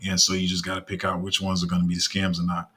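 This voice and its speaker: A man giving casual commentary as a crypto YouTuber, rambling with lots of fillers and restarts, his throat a bit rough. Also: low-pitched, monotone, fast, pushed and bright.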